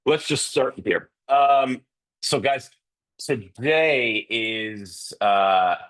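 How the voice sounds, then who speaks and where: A man's voice: mid-range voice, extremely slow, fairly bright tone. A man with a nasal voice, hosting an online coaching session for real estate agents over a video call, chatty and loose with lots of fillers.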